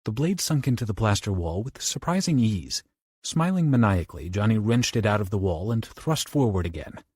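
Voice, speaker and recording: Low husky male audiobook narrator. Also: moderate pace, dry recording, studio quality. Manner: dramatic, with lively shifts into character voices.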